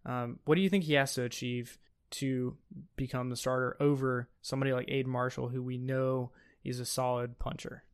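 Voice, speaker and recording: A man's voice: medium pitch, level tone, normal speed, smooth. A young man co-hosting a casual sports podcast, chatty and enthusiastic, with frequent ums and uhs. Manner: chatty, enthusiastic, with many fillers. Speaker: podcast co-host.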